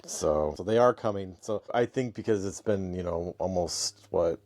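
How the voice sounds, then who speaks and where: Deep-voiced American man co-hosting a podcast. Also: normal speed, darkish tone. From United States. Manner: reads out listener questions and explains at length. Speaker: podcast co-host. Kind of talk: casual chat.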